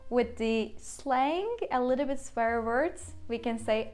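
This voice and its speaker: Lively Turkish-accented woman teaching phrases. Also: a little high, measured pace, soft background music. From Turkey. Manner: explains with everyday examples, laughs often. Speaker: language teacher. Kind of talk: casual language lesson.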